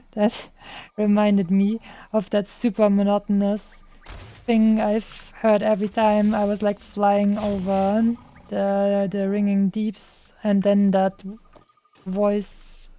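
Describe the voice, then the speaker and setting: A woman's voice: medium pitch, monotone, slow pace, warm tone. A young woman streaming a game, chatting casually and playfully, tossing in silly sound effects. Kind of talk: casual gaming chat.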